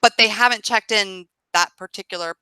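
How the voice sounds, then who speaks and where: A woman's voice: medium pitch, brisk, pushed and bright, smooth, dry recording. A woman co-hosting a podcast over a remote call, chatting casually and rambling with frequent laughs. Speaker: podcast co-host and online reseller. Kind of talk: casual chat.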